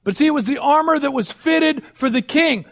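High-voiced, gravelly man preaching. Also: expressive, fairly quick. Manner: emphatic call-and-answer preaching, sudden drops to a low hush. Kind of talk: sermon.

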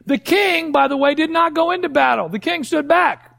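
High-voiced, gravelly man preaching. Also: expressive, moderate pace. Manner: emphatic call-and-answer preaching, sudden drops to a low hush. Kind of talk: sermon.

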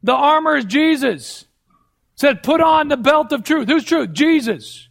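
A man preaching a sermon in an emphatic question-and-answer manner, dropping at times to a low hush. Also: lively intonation, a little slow, creaky.

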